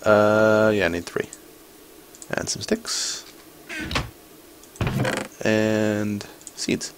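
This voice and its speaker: A man's voice: fairly low pitch, level tone, drawn-out words, slight background noise. A man casually commenting as he plays a video game, chatty and playful, talking to the creatures on screen. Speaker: gaming channel host. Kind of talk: casual let's-play commentary.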